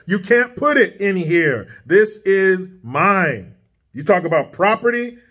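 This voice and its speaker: A high-voiced man delivers a profane, combative political rant for his vlog. His tone is sarcastic and cutting, and he speaks from a home studio. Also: a bit bright. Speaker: vlogger, political commentator. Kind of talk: ranting political commentary vlog.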